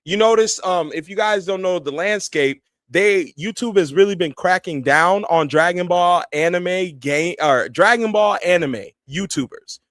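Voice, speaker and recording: A high-pitched man hosts a live stream and rants bluntly, with heat and plenty of swearing. His voice sits close on the mic in a dry, dead-sounding room. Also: a little slow, hardly any pauses, fairly bright tone, no room sound. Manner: blunt, heated, profane ranting. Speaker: streamer host. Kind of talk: casual live-stream commentary.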